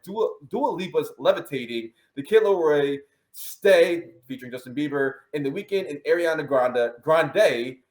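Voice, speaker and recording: Playful male host, roomy echo. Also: on the high side. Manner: playful, self-mocking. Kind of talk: casual chat about music picks.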